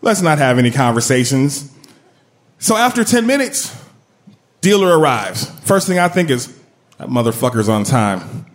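A man telling a comic personal story in an animated, profane, self-mocking way. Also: fairly high pitch, moderate pace, long pauses.

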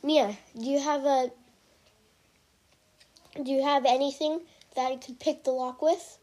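A woman's voice: high-pitched, steady tone, unhurried, mellow. A woman doing a bold, determined boy. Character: bold boy leading his friends.

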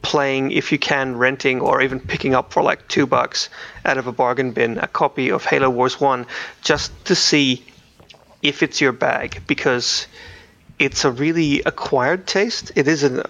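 Gravelly-voiced man chatting casually. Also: medium pitch, steady tone, unhurried, fairly bright tone. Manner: rambling, many restarts and fillers. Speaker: podcast co-host. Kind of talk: casual chat.

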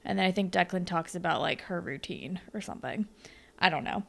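A woman's voice: lowish voice, fairly quick, vocal fry. A young woman co-hosting a podcast, chatting casually and acting out characters' lines. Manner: animated, lots of "like" and quoting characters. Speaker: podcast co-host. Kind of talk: casual recap chat.

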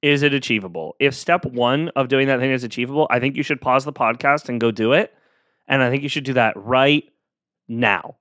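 This solo podcast monologue comes from a man whose medium-pitched voice is a bit bright and a little fast, recorded dry and close to the mic. He's casual and earnest, rambling with many fillers and a self-deprecating streak.

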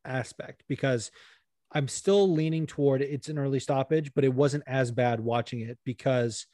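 A man co-hosting a casual sports podcast, animated and swearing freely, with lots of fillers. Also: mid-range voice, moderate pace, no echo, clean studio sound. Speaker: podcast co-host.

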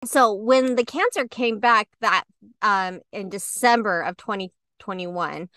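Bright, clear-voiced woman telling her story. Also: medium pitch, measured pace, dry recording. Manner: animated storytelling, acting out quotes. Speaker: podcast co-host. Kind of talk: candid conversational podcast talk.

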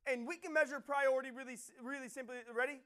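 Impassioned high-voiced male preacher. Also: steady tone, fast talker. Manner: impassioned, rising to loud emphatic peaks, repeats phrases. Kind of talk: sermon.

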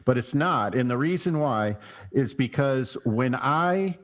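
A man who paints signs, hosting a relaxed, casual conversation and rambling a little as he talks. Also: mid-range voice, slow. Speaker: podcast host, sign painter.

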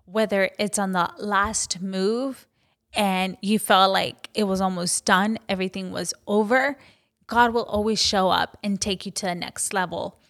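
A woman's voice: medium pitch, fairly bright tone. A young woman giving an earnest, encouraging personal faith talk, with casual fillers. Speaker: Christian vlogger sharing a testimony.

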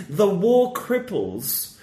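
A man's voice: high voice, huge pitch swings, drawn-out words, warm tone, echoey room, heavily acted. A man doing an old Glaswegian comic's yarn. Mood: storytelling. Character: old male Glaswegian comedian telling dock story.

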